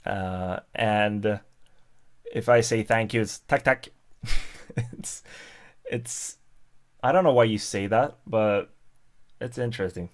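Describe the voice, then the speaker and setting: A man's voice: fairly low pitch, slow, long pauses. A man with a Swedish accent chatting casually with viewers on a livestream, hesitant, with many fillers and restarts. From Sweden. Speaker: livestream host. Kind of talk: casual live-stream chat.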